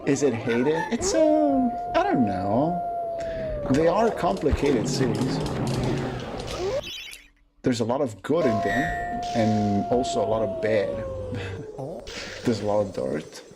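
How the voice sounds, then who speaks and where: A man's voice: medium pitch, expressive, measured pace, long pauses, heavy background noise. A young man casually chatting and joking with his live-stream chat while playing a game. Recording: loud game music behind voice.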